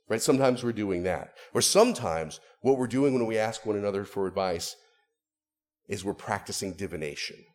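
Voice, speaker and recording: Male pastor, conversational sermon delivery, highly varied intonation. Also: lively intonation, moderate pace. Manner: conversational preaching with frequent "right?" asides.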